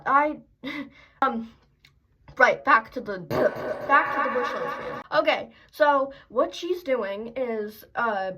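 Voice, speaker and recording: Woman ranting into her phone, rambly and self-mocking, kinda high voice, little bit of hiss. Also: a bit bright, rough recording. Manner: rambling, self-deprecating, sarcastic. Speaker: host. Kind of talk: casual reaction commentary.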